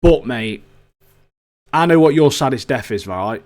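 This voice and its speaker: A man's voice: medium pitch, animated, unhurried, darkish tone. Jokey man on a podcast. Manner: chatty, jokey, slangy, says mate a lot. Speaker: podcast co-host. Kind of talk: casual chat.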